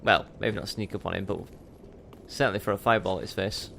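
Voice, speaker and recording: A man's voice: fairly low pitch, steady tone, quick pace, vocal fry, noisy background. A man hosting a let's play, giving chatty, self-mocking commentary as he plays and talking back to the game. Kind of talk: gameplay commentary.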